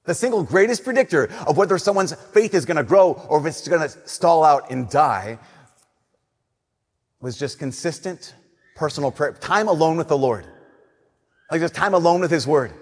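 A man preaching a conversational sermon, telling stories and slowing down softly on his key points. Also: on the high side, lively intonation, long reverb tail.

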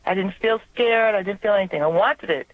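A woman's voice: mid-range voice, brisk. A woman with a New York accent calling in to a radio show, earnestly telling a personal faith story. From New York area. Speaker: radio caller. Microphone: telephone. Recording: tinny phone line.

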